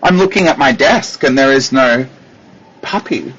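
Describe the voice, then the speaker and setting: An Australian man, a psychic medium, chatting casually with viewers on a livestream from his desk, animated and laughing often. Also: mid-range voice, unhurried, breathy edge. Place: at a desk at home. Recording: dull lo-fi livestream audio.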